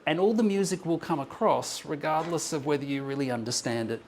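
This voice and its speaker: Speaking fairly quickly in a slightly high voice, a man gives an academic conference talk in a lecture room, slides up on the screen. He explains his paper thoughtfully though with many ums and restarts, and slight background noise comes through.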